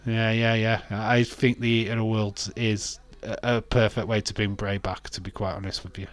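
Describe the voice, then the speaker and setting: A man's voice: on the low side, level tone, normal speed. A man hosting a casual wrestling watch-along stream, rambling, laughing often and reading out viewer comments.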